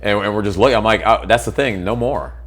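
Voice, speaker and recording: A man being interviewed, telling stories in a blunt, animated way and acting out what people said with sudden jumps in pitch and loudness. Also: fast. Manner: acts out quotes with big swings in pitch and loudness; blunt, swears freely. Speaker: interview guest. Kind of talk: animated storytelling in conversation.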